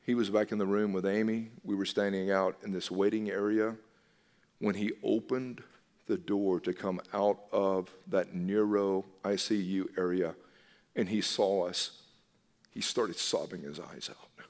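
Earnest preacher man, low voice, echoing hall. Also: fairly even intonation, a little slow, a little mellow. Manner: earnest, emphatic preaching with repeated phrases. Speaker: pastor. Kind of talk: sermon.

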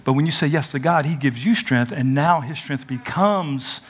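Animated, higher-voiced male preacher. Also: moderate pace, husky. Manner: animated, swings from loud cries to quiet asides; conversational and playful, acts out quotes. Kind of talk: energetic sermon.

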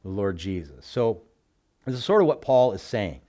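A man preaching a sermon in a relaxed, conversational way, talking the text through with everyday examples. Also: on the low side, normal speed. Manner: relaxed, folksy, speaks with everyday work analogies. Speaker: pastor.

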